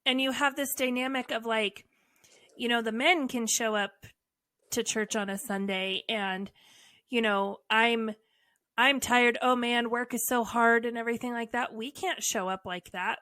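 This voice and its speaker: A woman's voice: fairly high pitch, moderate pace, a bit bright, dry recording. A woman co-hosting a podcast, telling stories frankly and animatedly with wry asides. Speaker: podcast co-host. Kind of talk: candid casual conversation.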